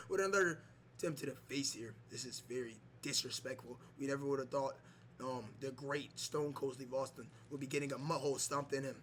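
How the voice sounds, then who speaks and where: A man giving mock wrestling play-by-play over a video game, excitable, with many fillers and shouts on big moves. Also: mid-range voice, slight background noise. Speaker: gameplay commentator.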